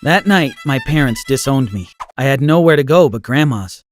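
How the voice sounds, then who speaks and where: A male text-to-speech voice reading a first-person story with an even, expressive delivery. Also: medium pitch, normal speed, faint music behind. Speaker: story narrator.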